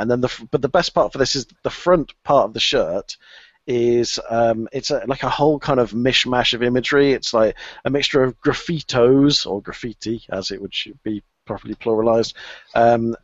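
A man's voice: mid-range voice, no room sound. A man co-hosting a podcast, chatting casually and gushing about a favourite item, rambling with restarts and laughs. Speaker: podcast co-host. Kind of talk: casual chat. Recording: dull lo-fi podcast audio.

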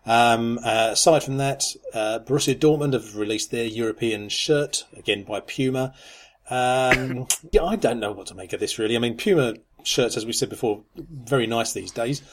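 Brief: male podcast co-host, average pitch, measured and wry, lots of ums. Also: slight background noise. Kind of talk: casual chat.

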